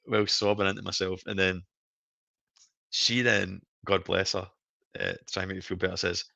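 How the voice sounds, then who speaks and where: A man's voice: low-pitched, level tone, moderate pace, vocal fry, bright, forceful tone, dry recording. A Scottish man in his thirties hosting a casual live stream chat, telling stories animatedly and laughing often. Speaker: stream host.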